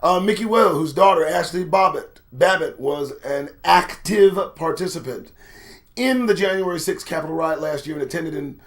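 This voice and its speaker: A man hosting his own show, reading news aloud and commenting in a profane, animated way, swinging from muttered asides to near shouts. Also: fairly high pitch, moderate pace. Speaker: host.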